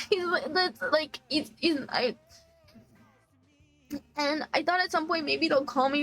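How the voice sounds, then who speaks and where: A woman's voice: high-pitched, a little slow, pauses often, a bit bright, faint music behind. A woman streamer chatting casually about a sad trip story, tearful, laughing through tears and full of "like" fillers. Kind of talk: casual chat.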